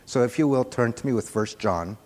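A man preaching a sermon, soft-spoken and earnest, repeating phrases for emphasis, into a microphone on a church sound system. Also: mid-range voice, brisk. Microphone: handheld or stand microphone on a PA. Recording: long hall reverb.

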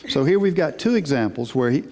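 A man's voice: medium pitch, lively intonation, a little mellow. Man preaching in a reverberant hall. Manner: unhurried, emphatic preaching with rhetorical questions. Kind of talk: sermon.

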